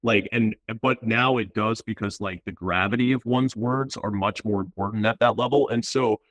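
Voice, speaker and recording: Low-voiced man, casual and relaxed. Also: moderate pace. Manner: relaxed, uses slang and filler words. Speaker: VP of platform engineering, guest. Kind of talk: casual interview chat.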